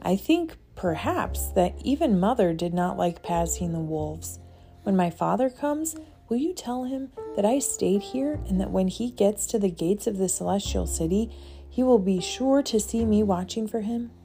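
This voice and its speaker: A woman reading aloud, voicing a timid little boy rabbit on a pilgrimage, speaking softly and wistfully. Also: medium pitch, lively intonation, moderate pace, faint music behind, natural voice.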